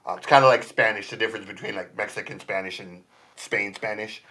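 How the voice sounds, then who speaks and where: A man's voice: lowish voice, brisk, sharp tone. A man in casual chat as a podcast guest, rambling and laughing often between points. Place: home basement room.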